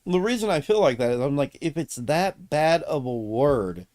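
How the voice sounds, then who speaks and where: A man's voice: on the high side, expressive, moderate pace, darkish tone, no echo. Blunt, opinionated man streaming. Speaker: streamer host. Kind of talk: casual chat on a livestream.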